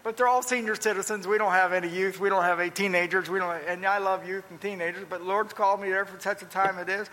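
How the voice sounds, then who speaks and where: Older male pastor, folksy storyteller, bright voice in a reverberant church. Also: high-pitched, fast talker, few pauses, a little hiss or hum. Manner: folksy, animated storytelling with repeated phrases. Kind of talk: storytelling sermon. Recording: long reverb.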